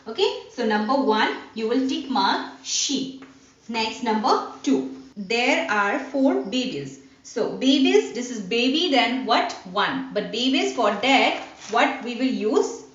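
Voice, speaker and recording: A woman's voice: a little high, fairly bright tone, distant mic. A woman teacher with an Indian English accent, explaining a grammar lesson step by step and answering her own questions. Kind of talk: online class lesson. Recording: dull, roomy sound from off-mic.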